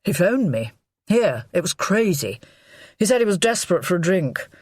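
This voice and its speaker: A woman's voice: fairly low pitch, sing-song, normal speed, a little mellow, husky, dry recording, studio quality, pitched above the performer's own voice. A woman voicing a dogged, defensive husband. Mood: explaining. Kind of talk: audiobook character voice.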